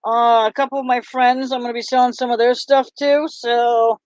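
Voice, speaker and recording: Woman vlogger, casual and halting, lots of ums; dry, muffled recording. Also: a little high, flat delivery, darkish tone, dry recording. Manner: halting, full of ums and restarts. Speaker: vlogger and bracelet seller. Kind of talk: casual chat to camera. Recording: dull lo-fi, dry sound.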